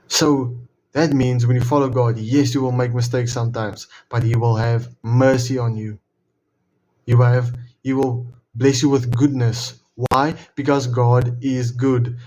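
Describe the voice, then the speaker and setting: Earnest man with a mellow voice. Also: mid-range voice, flat delivery, a little hiss or hum, low-quality recording. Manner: earnest, repeats and restarts phrases, slows to read verses aloud. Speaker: Bible reading video host. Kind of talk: casual devotional Bible talk.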